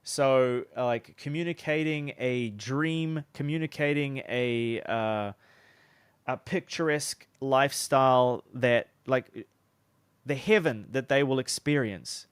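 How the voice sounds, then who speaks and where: A man's voice: medium pitch, takes it slowly, smooth, no room sound. Chatty man coaching sales, dry close sound. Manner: loose and chatty, many fillers and restarts. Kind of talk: casual teaching talk.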